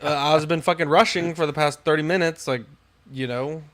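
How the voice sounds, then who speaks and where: A man's voice: on the high side, steady tone, normal speed, a bit bright. Exasperated young man ranting. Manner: exasperated, swears a lot, rants with rising outbursts. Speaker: podcast co-host. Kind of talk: casual storytelling chat.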